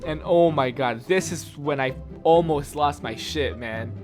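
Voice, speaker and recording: A man's voice: on the high side, measured pace, over music. A man telling a personal story in a casual, exasperated rant full of swearing. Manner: exasperated, profane ranting.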